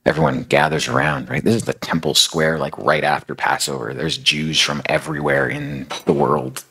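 A man preaching a sermon in a loose, storytelling style, full of casual fillers. His voice sits extremely low with a gravelly fry, and it has a husky roughness throughout. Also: animated, normal speed, a bit bright, low-quality recording. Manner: casual, filler-heavy retelling. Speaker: speaker.

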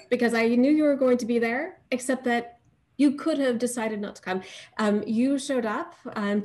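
A woman from Northeast Texas, a wine expert, speaking warmly and articulately with frequent ums on a video call from her bedroom at home. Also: fairly high pitch. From Northeast Texas, USA. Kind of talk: live video interview.

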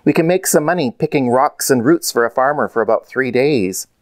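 A man reading a storybook aloud and voicing a calm, practical father. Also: medium pitch, brisk, no echo, clean studio sound, voice pushed up, lightly acted. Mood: steady.

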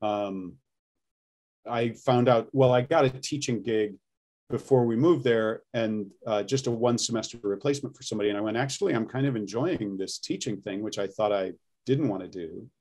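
A man's voice: on the low side, normal speed, a little mellow. A middle-aged man, an accent coach, explaining and demonstrating accents in a casual interview.

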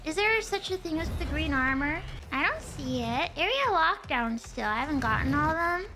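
A woman streaming a game live, talking to her chat and yelling at them in flustered exasperation. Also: high-pitched, expressive, normal speed.

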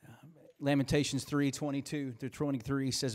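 A man's voice: a little high, normal speed, in a large hall. A male pastor preaching a sermon in a church sanctuary, conversational, with small restarts.

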